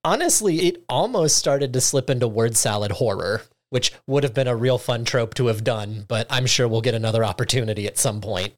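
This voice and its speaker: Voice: medium pitch, a little fast, few pauses. A podcast host recapping a show episode in casual chat, acting out the characters' lines. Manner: animated storytelling, acting out lines.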